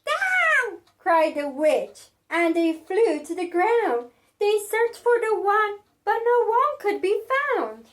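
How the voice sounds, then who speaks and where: A woman telling a picture-book story to children in a very high, lively, sing-song voice. She reads very slowly, stretching the rhymes and making the sounds of the story.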